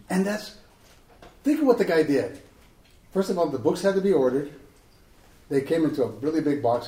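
A man, an author, giving an animated, jokey talk and Q&A to a live audience, slipping into impressions. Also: mid-range voice. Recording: roomy hall, voice from a distance.

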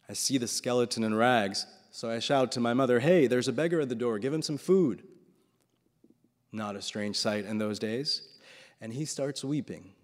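A man voicing a fierce, defiant old Russian grandfather, speaking loudly and emphatically. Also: mid-range voice, in a large hall, close to an everyday voice.

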